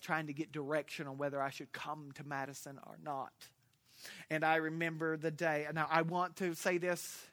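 A male pastor from Florida with a Southern accent preaches a sermon through humorous, folksy storytelling. His voice is a little high with a sharp tone.

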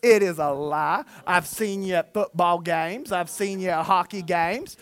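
Animated pastor preaching. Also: male voice, high voice, a little slow, clean tone. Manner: animated, self-mocking, with put-on quotes of listeners. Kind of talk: sermon. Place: church.

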